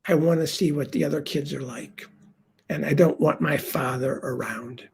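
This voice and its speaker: An older man telling a heartfelt first-person story on stage, confiding and dropping to a hush for quoted lines. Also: on the high side, moderate pace, creaky, slightly rough.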